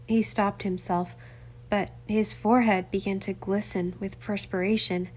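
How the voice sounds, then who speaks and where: A woman reading a novel aloud as narrator, in an even, measured storytelling manner. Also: medium pitch. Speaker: audiobook narrator. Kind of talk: scripted narration.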